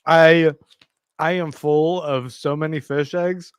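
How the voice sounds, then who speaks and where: A man's voice: on the high side, steady tone, slow, clear, resonant tone, no echo, studio quality. A man playing a tabletop game, joking goofily in character. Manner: goofy, joking in-character player. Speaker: player.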